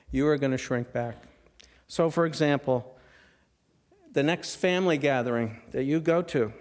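A middle-aged man preaching a sermon, posing rhetorical questions and dropping to a hush for emphasis. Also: fairly high pitch. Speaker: pastor.

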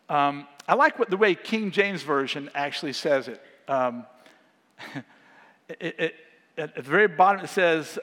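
Man preaching a chatty sermon in a reverberant hall. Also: on the high side. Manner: conversational, animated, asks the congregation questions. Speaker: guest preacher. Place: church sanctuary.

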